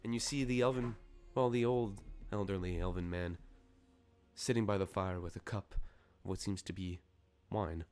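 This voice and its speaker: Low-voiced man narrating as game master. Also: steady tone, darkish tone, faint music behind. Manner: loose, halting narration with restarts.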